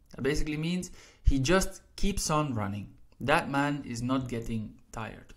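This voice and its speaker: A man explains a language lesson in a patient, step-by-step way, with a mid-range voice. He slows down to read each example sentence and checks in with "right?" after almost every point. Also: mid-range voice, fairly bright tone. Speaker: language teacher.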